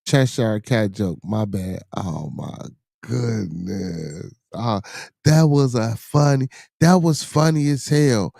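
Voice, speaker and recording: Chicago man host, loose profane rambling talk, warm tone, dry mic. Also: mid-range voice, measured pace, no echo. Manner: loose, profane, repeats himself, many restarts. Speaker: podcast host reading viewer comments. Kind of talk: casual livestream chat.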